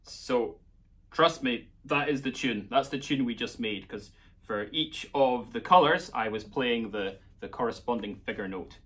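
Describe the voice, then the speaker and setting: A man's voice: medium pitch, unhurried, fairly bright tone. A man with a Scottish accent teaching a playful children's music lesson, coaxing young listeners along.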